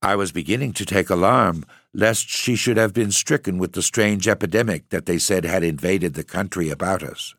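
A man with a deep, low voice reads a gothic story in a measured, steady way. The sound is dry and close to the mic. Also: no echo. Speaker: narrator, podcast host. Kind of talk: gothic audiobook reading.

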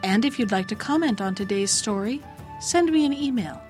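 A woman storyteller reading a fairy tale aloud in a calm, measured way. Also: medium pitch, faint music behind.

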